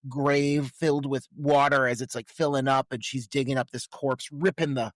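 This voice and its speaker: A man's voice: mid-range voice, steady tone, normal speed, no room sound. A man co-hosting a podcast, giving crude, joking commentary on a film. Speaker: podcast co-host. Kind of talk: casual chat recapping a film.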